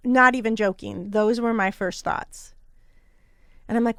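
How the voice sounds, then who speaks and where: A woman in her thirties hosting a podcast, telling a personal story in a candid, earnest and animated way. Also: fairly high pitch, unhurried, no echo, clean studio sound. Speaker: podcast host.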